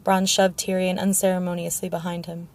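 A woman reading a fantasy audiobook in a steady, measured narration with a gravelly voice. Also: lowish voice. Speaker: audiobook reader.

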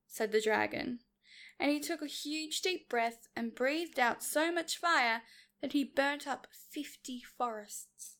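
High-voiced woman reading a children's story. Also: measured pace, a bit bright. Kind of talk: children's story read-aloud.

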